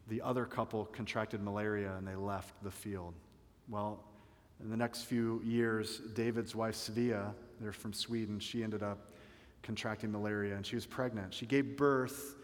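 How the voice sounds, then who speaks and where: A man's voice: on the low side, big-room sound. A male pastor preaching a sermon, telling a story dramatically and swelling and dropping his volume for emphasis.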